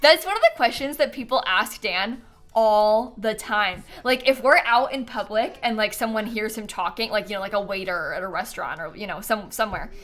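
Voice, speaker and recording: A woman's voice: medium pitch, normal speed, a bit bright. A woman chatting casually on a live stream while she plays a life-sim game, giggling often and answering questions from chat.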